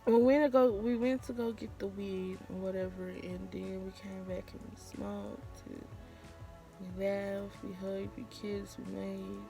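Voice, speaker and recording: A woman's voice: mid-range voice, fairly even intonation, unhurried, vocal fry, over music. A woman vlogger, telling a candid, profane story in casual storytime style. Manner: candid, profane, acts out quotes.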